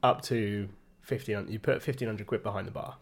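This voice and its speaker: Young bloke on a podcast, dry and low-key, telling a little story. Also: male voice, steady tone, normal speed, vocal fry, breathy edge. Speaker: podcast co-host. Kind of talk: casual chat.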